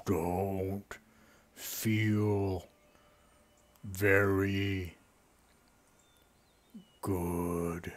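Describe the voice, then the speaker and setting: A man puts on a great ailing oak tree spirit from a tabletop game, its voice deep and dragging as if every word costs effort. Weary and low, it lingers on each syllable. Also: level tone. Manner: slow, low, drawn-out booming. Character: huge sick old oak tree spirit, slow and weary.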